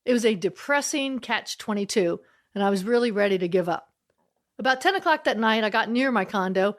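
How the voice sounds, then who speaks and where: A middle-aged woman comedian telling a personal story in a chatty way, laughing between lines. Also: mid-range voice.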